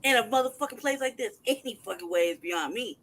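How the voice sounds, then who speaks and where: A man's voice: extremely high pitch, expressive, fast, bright, forceful tone, low-quality recording. A man hosting a casual livestream who talks in a heated, profane way and reads paperwork aloud in a mocking tone. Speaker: livestream host.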